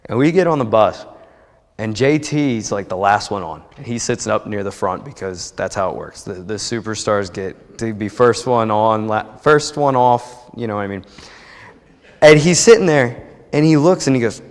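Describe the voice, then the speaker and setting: Long church-hall reverb surrounds a young man from New Jersey as he shares a heartfelt personal testimony in the sanctuary during a service. His voice is fairly low and moderately paced, and his talk is chatty, rambling and full of restarts.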